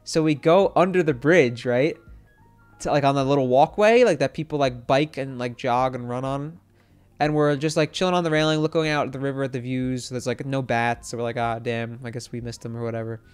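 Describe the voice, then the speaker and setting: A young man telling a story to his stream chat, excitable and rambling, with lots of fillers and swearing. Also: mid-range voice, fairly quick, clear, resonant tone, soft background music.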